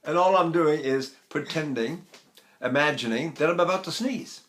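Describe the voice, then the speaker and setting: A man's voice: on the high side, moderate pace. An older man, a voice teacher, explaining vocal technique in short phrases and breaking into sung syllable exercises.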